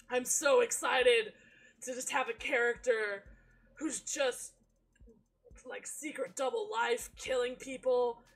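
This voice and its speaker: A woman's voice: on the high side, fairly even intonation, slow, pauses often. A woman streaming a visual novel, joking, swearing and laughing often as she reacts. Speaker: game streamer.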